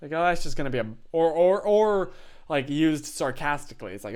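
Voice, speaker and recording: A young man with a hoarse, raspy throat, chatting casually on a live stream in a rambling, self-mocking way. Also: fairly high pitch, lively intonation, moderate pace, darkish tone.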